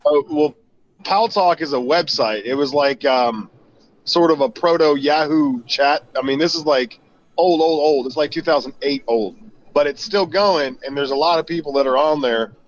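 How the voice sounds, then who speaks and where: A man from Missouri on an online call, explaining things in a rambling, halting way with lots of fillers. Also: a little high. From Missouri, USA. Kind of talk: casual chat. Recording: dull lo-fi call audio.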